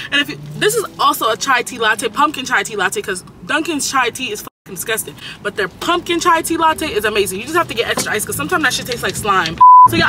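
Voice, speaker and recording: A young woman in her late teens, vlogging while she drives, rambling and cursing through an animated story time. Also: a little high. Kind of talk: casual story-time chat while driving. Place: inside a car on the road. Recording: car with loud road noise.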